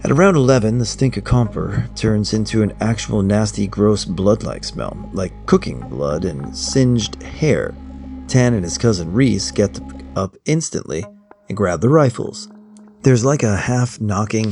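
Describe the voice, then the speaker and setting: A man's voice: fairly low pitch, vocal fry, darkish tone. A man narrating a first-person horror story in a blunt, profane, conversational way.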